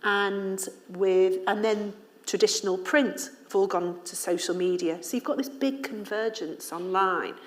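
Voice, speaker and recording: A woman's voice: medium pitch, a little slow. A woman from Liverpool, an author and journalist speaking candidly to an audience at a public event, telling stories with frequent laughter. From Liverpool, England. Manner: candid, animated storyteller who laughs often. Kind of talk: casual talk at a public ideas event.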